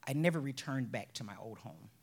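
Woman, bereaved mother, husky voice, emotional personal testimony with soft whispered stretches. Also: very deep voice, lively intonation, a little fast. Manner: emotional, drops to soft whispers, breaks into laughs.

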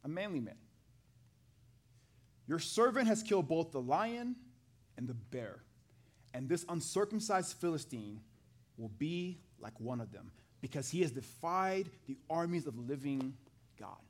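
A man preaching a sermon to a live congregation, acting out the scripture dialogue in an animated way and talking with the people in the pews. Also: fairly high pitch, a little slow, long pauses. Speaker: pastor. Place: church hall with a live congregation.

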